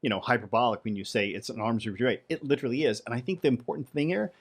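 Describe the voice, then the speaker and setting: A man is co-hosting a podcast in a studio, with a voice of ordinary pitch. he talks in a playful, chatty way. he often stammers a little as he starts a sentence. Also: racing, slightly rough. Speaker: podcast co-host. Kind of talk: casual podcast chat.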